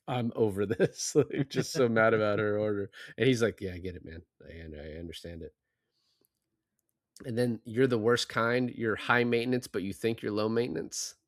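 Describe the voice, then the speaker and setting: A man in an easygoing podcast chat, talking at a middle pitch. He retells film scenes and slips into the characters' lines. The mic is close and dry, with no room echo. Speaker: podcast co-host.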